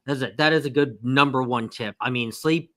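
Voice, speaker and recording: A man hosting a live cruise chat, animated and prompting his co-host with questions. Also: mid-range voice, normal speed. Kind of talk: casual live-stream chat.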